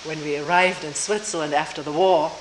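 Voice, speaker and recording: Older woman, retreat teacher, unhurried and reflective, roomy old recording with faint hiss. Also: deep voice, steady tone. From Germany. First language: German. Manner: slow, thoughtful, pausing, soft laughs.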